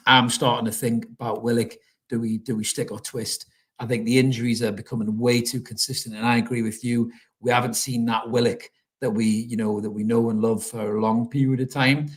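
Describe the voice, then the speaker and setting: A man talks loosely through a live stream, reading out comments and answering them. He swears freely and calls his listeners mate. His voice sits in an ordinary middle pitch. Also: little pitch movement, a little fast. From North East England. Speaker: fan channel host reading live chat. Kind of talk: casual live stream chat.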